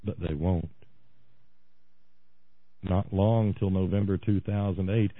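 A man on a talk radio show, tearing into a political rant that swings from low, biting asides to shouted outbursts. His voice comes through thin and phone-like, with no room around it. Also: steady tone, takes it slowly, pauses often, no echo. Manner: ranting, shouting in bursts, sarcastic. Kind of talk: impassioned political monologue. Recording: tinny phone-like radio sound, dry.

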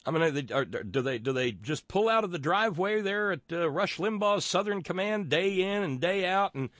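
A man's voice: sits high, lively intonation, moderate pace, few pauses, a bit bright, no room sound. Middle-aged guy ranting sarcastic politics on his show, cusses a lot, stumbles on words, dry close mic. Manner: sardonic, profane, stammering restarts. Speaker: podcast host. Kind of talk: political commentary monologue.

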